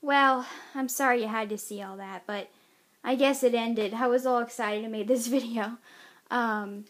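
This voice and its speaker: A woman's voice: fairly high pitch, steady tone, moderate pace. A woman with a childlike-sounding voice, chatting casually in a rambling way in a pet vlog at home, now and then scolding her pets. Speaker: pet owner vlogger.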